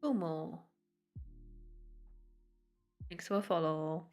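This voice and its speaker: Low-voiced woman streamer. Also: drawn-out words, a little mellow, faint music behind. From Sydney, Australia. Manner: friendly, greets viewers one by one. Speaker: livestream host. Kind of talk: casual livestream chat and reading a story aloud.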